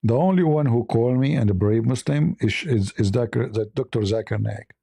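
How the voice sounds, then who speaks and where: A man's voice: medium pitch, fairly quick, gravelly, mellow, breathy edge, dry recording, clean studio sound. A man hosting a casual livestream chat, mocking and provocative, stretching words for emphasis. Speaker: livestream host.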